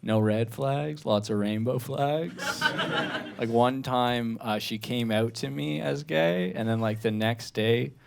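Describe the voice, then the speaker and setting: A man of thirty doing a stand-up set on a club stage, delivering deadpan lines and acting out dialogue, with laughter from the audience. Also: medium pitch, slow, creaky. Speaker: stand-up comedian. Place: comedy club stage, Toronto. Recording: noisy live club recording.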